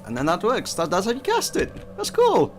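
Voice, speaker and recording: A man's voice: sits high, wildly swooping pitch, fast, faint music behind. Chatty man giving gameplay commentary. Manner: chatty, self-deprecating, frequent restarts. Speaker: game reviewer.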